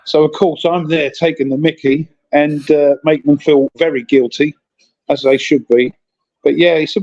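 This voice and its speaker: A man's voice: a little high, fairly even intonation, normal speed, a little mellow. Rambling man on a dull line. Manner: rambling, chatty storytelling. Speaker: regular calling in from a convention. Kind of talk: casual chat. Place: convention hotel.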